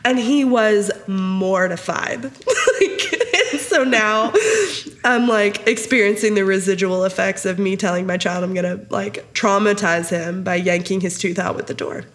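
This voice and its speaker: A woman's voice: mid-range voice, fairly even intonation, unhurried. A woman in her thirties hosting a podcast, chatting casually, laughing often and saying "like" a lot. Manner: giggly, chatty, says "like" often. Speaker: podcast host.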